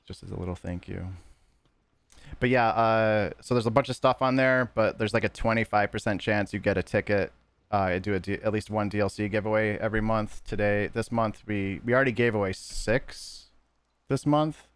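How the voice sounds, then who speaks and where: A man with a fairly low voice talks to viewers during a live game stream. His chat is casual and loose, wandering from point to point and stopping to fix his own words. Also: steady tone, moderate pace, smooth, dry recording. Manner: rambling, loose and self-correcting.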